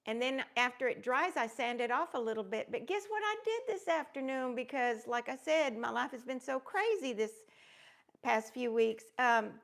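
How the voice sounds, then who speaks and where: Gushing woman with a gravelly, high voice. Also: lively intonation, normal speed, a bit bright. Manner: gushing, greets viewers by name; rambling with many fillers. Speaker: crafting livestream host. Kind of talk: casual live-stream chat.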